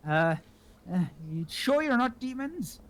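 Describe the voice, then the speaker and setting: A man voicing an erratic, suspicious female dungeon dweller who talks quickly. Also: extremely high pitch, big pitch swings, fairly bright tone, pitched above the performer's own voice, full character voice.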